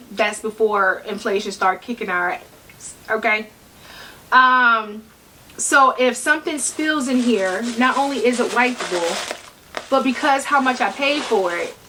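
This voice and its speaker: A woman's voice: a little high, bright, forceful tone, a little hiss or hum, low-quality recording. A middle-aged woman, chatting bluntly and playfully to camera about handbags. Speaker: handbag vlogger. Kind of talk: casual chat to camera.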